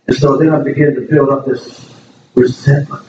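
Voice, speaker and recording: A man's voice: mid-range voice, level tone, normal speed. A middle-aged man giving an earnest, rambling testimony to a congregation, speaking emotionally with frequent restarts. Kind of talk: casual spoken testimony to a congregation. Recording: echoey room, distant mic, dull and noisy.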